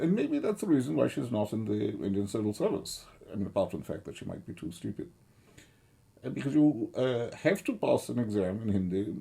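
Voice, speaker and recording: A middle-aged man giving rambling, sardonic commentary, halting often with fillers and restarts. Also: fairly low pitch, creaky, dark tone, breathy edge.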